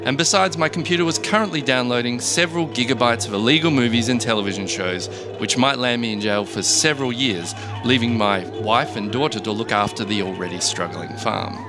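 A man reading a comic first-person story in a dry, deadpan way. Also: mid-range voice, fairly quick, hardly any pauses. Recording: background music.

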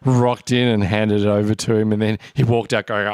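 A man's voice: on the low side, flat delivery, brisk, darkish tone, smooth, no room sound, studio quality. A man co-hosting a casual comedy chat, telling a story in a rambling way with many fillers. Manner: rambling storyteller, lots of ums. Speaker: podcast co-host.

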